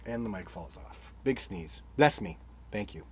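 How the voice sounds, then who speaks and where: A very low-voiced Canadian man hosts a live show, chatting loosely as he answers viewer comments. He rambles, restarts often and gets excited. The sound is dull, with a faint hiss under it. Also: moderate pace. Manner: rambling and enthusiastic, many restarts. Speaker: host of a live Bigfoot show.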